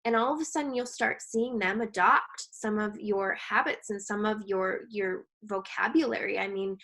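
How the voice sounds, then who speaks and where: A woman in her thirties, a guest expert talking gently and earnestly in a casual interview about coping as a mother. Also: mid-range voice. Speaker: guest expert on maternal mental health.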